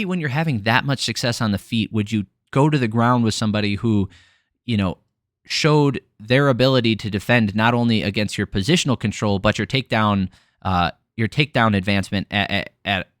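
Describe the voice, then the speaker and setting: A man's voice: lowish voice, moderate pace, a bit bright, no room sound, studio quality. A man hosting a casual fight recap, talking bluntly with frequent swearing and filler words. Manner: blunt, frustrated, swears freely, many fillers. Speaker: MMA podcast host.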